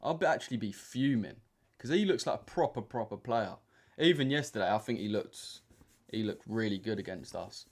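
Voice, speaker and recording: A man's voice: on the low side, lively intonation, moderate pace. A young man chatting casually on a livestream as a trading streamer, bantering in slang with lots of fillers. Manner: laid-back slangy banter with frequent fillers.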